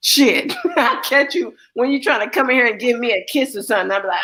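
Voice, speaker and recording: Talking fast in a high-ish, fairly bright voice, a young woman hosting a livestream shares blunt stories laced with profanity. She acts out the voices of the people she describes, all in casual chat.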